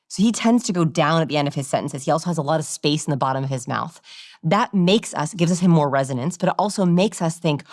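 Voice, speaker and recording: A woman with a low voice for her sex explains communication research in an interview, lively and quick to demonstrate. The recording is close and dry. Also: dry recording. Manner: animated, demonstrating vocal examples.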